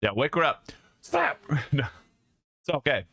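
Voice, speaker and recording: A man's voice: medium pitch, expressive, normal speed, sharp tone, no echo. A young man streaming live, chatting casually with his viewers and joking and laughing a lot.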